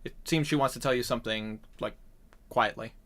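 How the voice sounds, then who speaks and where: A man's voice: medium pitch, fairly quick, a bit bright. A man running a tabletop game over voice chat, chatty and often laughing as he narrates. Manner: chatty, laughs between lines. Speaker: game master.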